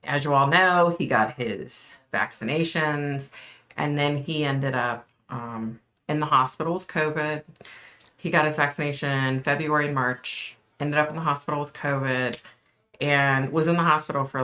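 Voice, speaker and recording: A woman's voice: deep voice, moderate pace, a bit bright. A middle-aged woman hosting a casual livestream, chatting and answering viewer comments. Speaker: livestream host.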